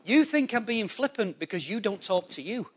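A man preaching a sermon to a congregation, animated and conversational, acting out people's excuses in quick quoted voices. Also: high-pitched, slightly rough. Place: church hall before a congregation.

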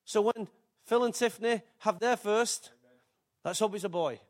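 A man's voice: high-pitched, normal speed. An older man, preaching a sermon in a chatty, joking way with asides to the congregation. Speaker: pastor.

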